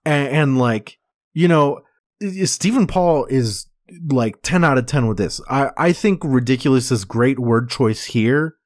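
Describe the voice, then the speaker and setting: A man's voice: mid-range voice, unhurried, dry recording. Chatty male podcaster, dry sound. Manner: chatty, heavy use of "like" and "dude". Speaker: podcast co-host. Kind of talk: casual chat reviewing a comic chapter.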